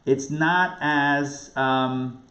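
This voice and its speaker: A man, a rabbi, giving a lively lecture, asking rhetorical questions and acting out quoted voices. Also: medium pitch, drawn-out words. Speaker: rabbi teaching a class. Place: recorded live class. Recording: roomy, dull lo-fi sound.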